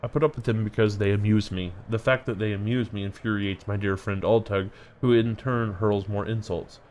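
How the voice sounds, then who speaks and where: A man voicing a huge, jovial game character with a put-on German accent, booming and amused. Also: steady tone, normal speed, darkish tone, slight background noise, close to an everyday voice. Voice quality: booming, mirthful. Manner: flowery, amused.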